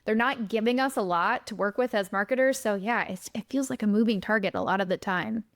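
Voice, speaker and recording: A woman's voice: mid-range voice, fairly quick. A woman guest in an interview, a writer and strategist explaining her views and thinking aloud. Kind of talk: interview answers.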